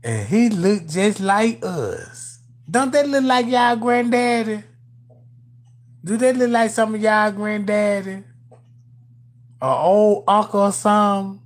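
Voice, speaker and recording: The commentator has a mid-range voice and a slow pace. Talking straight to viewers in a casual video, the delivery is emphatic, profane and full of street slang.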